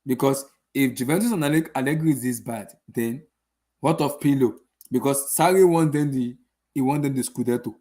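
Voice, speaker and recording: It's a casual post-match rant: a young football-channel host keeps repeating himself and asking exasperated rhetorical questions. He speaks at a moderate pace in a mellow, mid-range male voice.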